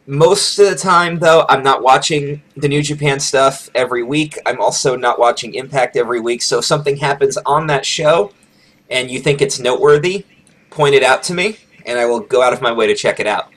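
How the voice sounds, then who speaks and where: A man hosting a podcast in casual chat, talkative and quick to laugh. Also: mid-range voice, fairly bright tone, rough recording. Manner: chatty, laughs easily. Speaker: podcast host.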